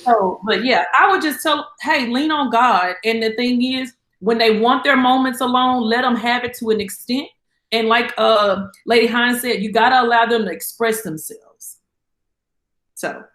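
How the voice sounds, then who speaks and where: A woman on a church panel giving gentle advice. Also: a little high, moderate pace. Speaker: panel guest. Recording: echoey room.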